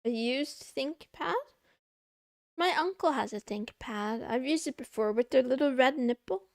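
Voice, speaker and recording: A young woman VTuber livestreamer with a high-pitched voice chats casually to her chat at a measured pace. The audio is studio quality with no room sound, and she's playful and a bit whiny, meowing and muttering to herself.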